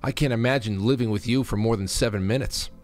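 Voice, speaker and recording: A man's voice: medium pitch, fast talker, a little mellow, soft background music. A male host giving angry, insulting, sarcastic political commentary, ranting about news clips.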